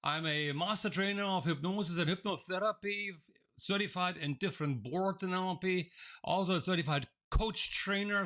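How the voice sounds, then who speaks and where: A man runs a live coaching webinar over a video-call mic, greeting attendees and reading their names from the chat. His voice sits a bit high for a man and sounds bright and forceful. He often doubles back on words and restarts his sentences as he talks. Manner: addresses viewers directly, reads out names from the chat. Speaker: NLP trainer running a live online session. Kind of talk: interactive live webinar teaching. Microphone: video call microphone.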